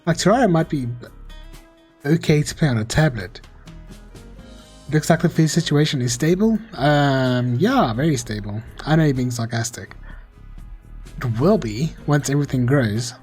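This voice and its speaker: This gaming streamer's voice sits a little high and sounds slightly mellow, lively but at a normal speed with frequent pauses. He's a young man chatting with viewers and poking fun at himself as he plays, reading chat over faint background music.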